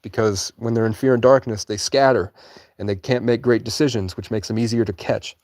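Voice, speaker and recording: A young man with a fairly high voice, rambling loosely through a live stream from the woods at night and swearing casually. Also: fairly even intonation, brisk, a little mellow. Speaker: livestreamer.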